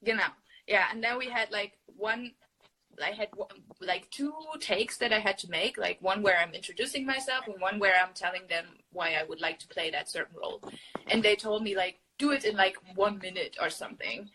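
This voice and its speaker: A woman's voice: medium pitch, a little fast, sharp tone, slight background noise, poor audio. A young woman chatting casually on a phone livestream, rambling with many fillers and laughs. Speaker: livestream host. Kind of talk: casual chat.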